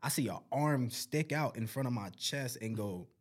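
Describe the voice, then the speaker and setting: A man co-hosting a casual podcast, telling con stories in relaxed slang and perking up when he acts out what people said. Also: mid-range voice, normal speed. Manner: laid-back slangy storytelling, animated when acting out quotes. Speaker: podcast co-host.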